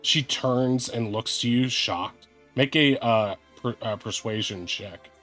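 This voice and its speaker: A man narrating as game master of a tabletop game, laughing often and pausing with fillers. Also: medium pitch, a bit bright, faint music behind.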